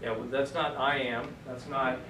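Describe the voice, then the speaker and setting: In this classroom lecture on Bible Greek, the teacher speaks at medium pitch with a level tone and moderate pace. He jokes, encourages and thinks out loud, heard through a far-off mic in an echoey room with noise.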